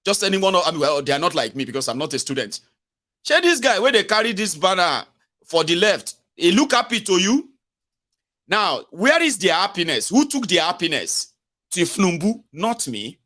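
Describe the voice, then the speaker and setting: A man's voice: high voice, very animated, moderate pace, bright, forceful tone. A Nigerian man with a Pidgin English accent, giving sarcastic, exasperated political commentary. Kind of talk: ranting video commentary.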